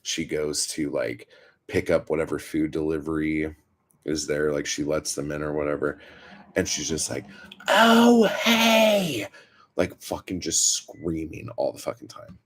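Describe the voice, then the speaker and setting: A man's voice: rumbling low, flat delivery, moderate pace. A man hosting a livestream, telling stories in a profane, rambling, filler-heavy way. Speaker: livestream host. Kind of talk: casual storytelling livestream.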